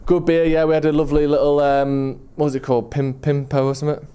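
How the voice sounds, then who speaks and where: A man tells enthusiastic, meandering travel stories on a comedy podcast. His voice is mellow and dark-toned, and he talks in an easygoing, chatty way. It sounds like relaxed banter between friends. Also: on the high side, fast, clear, resonant tone. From England. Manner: enthusiastic storytelling, rambling. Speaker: podcast co-host. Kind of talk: casual chat.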